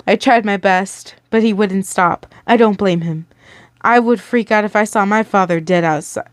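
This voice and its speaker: A woman's voice: medium pitch, moderate pace, no room sound, studio quality. A young woman reading a listener story aloud in a casual way, stumbling over words and stopping to react.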